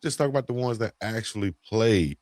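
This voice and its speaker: A man's voice: fairly low pitch, fairly quick, a little mellow, no echo, studio quality. A man co-hosting a casual sports talk show, laid-back and fond of repeating a catchphrase. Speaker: co-host.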